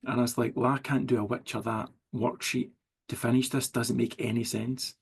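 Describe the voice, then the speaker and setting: A man's voice: medium pitch, flat delivery, normal speed, vocal fry, husky. A middle-aged Scottish man, a writer as interview guest, rambling through anecdotes full of likes and quoted dialogue. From Scotland. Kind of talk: casual storytelling chat.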